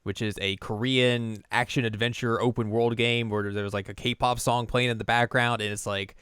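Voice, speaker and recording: A man's voice: medium pitch, fairly bright tone, clear, resonant tone, no room sound. A man co-hosting a podcast in casual chat, laid-back and chatty, with dry asides and chuckles. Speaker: podcast co-host.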